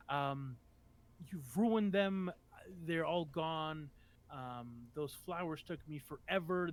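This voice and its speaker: A man voicing an angry woman in a white gown who screams and scolds in a loud rant. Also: a little high.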